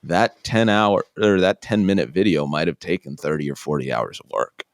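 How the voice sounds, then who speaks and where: A young man talks loosely in an interview, sounding low and dry with almost no room around him. He rambles through filler words and acts out quoted lines with a livelier edge. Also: normal speed, no echo. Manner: rambling, filler-heavy, animated in quoted bits. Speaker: guest, guitar YouTuber. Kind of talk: casual interview chat.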